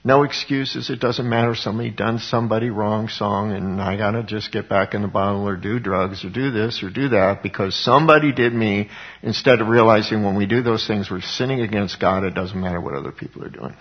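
A male pastor delivers an earnest sermon, leaning into key words with rising emphasis. His voice has a husky edge, and the recording sounds dull and lo-fi. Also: on the low side, fairly even intonation, brisk.

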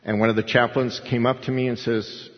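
A man's voice: medium pitch, level tone, brisk. Man preaching in an echoing hall. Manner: emphatic, conversational storytelling. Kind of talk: sermon. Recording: dull sound with long hall reverb.

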